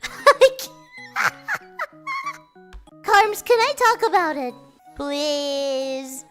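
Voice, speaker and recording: A woman's voice: high voice, very animated, drawn-out words, pauses often, a bit bright, soft background music. A young woman streamer chatting casually to her viewers, telling stories in a playful, chatty way. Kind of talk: casual chat.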